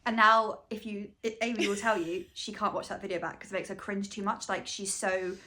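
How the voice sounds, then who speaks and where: A woman's voice: medium pitch, steady tone, brisk, sharp tone. A young woman co-hosting a podcast in casual chat, chatty and giggly, poking fun at herself. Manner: chatty, giggly, self-mocking. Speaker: podcast co-host.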